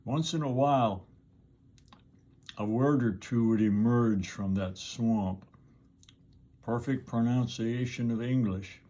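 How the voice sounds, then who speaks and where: An older man with a Southern American accent, talking casually to his camera outdoors in an unhurried, rambling way with plenty of pauses. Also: mid-range voice, dark tone. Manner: slow, rambling and unhurried with frequent uhs. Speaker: vlogger. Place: outdoors in the sun.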